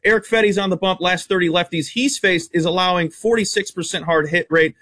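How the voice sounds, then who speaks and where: A man working as a sports betting analyst, rattling off baseball stats quickly and bluntly on a radio show. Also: sits high, fairly even intonation, fairly bright tone. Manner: rapid stat-heavy, emphatic and blunt.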